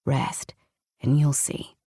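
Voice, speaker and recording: A woman voicing a possessive, teasing husband who gives hushed, half-whispered commands. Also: takes it slowly, dry recording, clean studio sound, close to an everyday voice.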